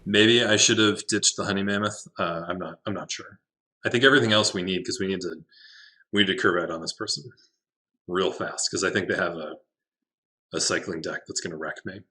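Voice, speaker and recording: A man's voice: sits low, steady tone, a little fast, pushed and bright. A man giving casual gameplay commentary, talking to himself in a wry way and laughing at his own jokes. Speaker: game streamer.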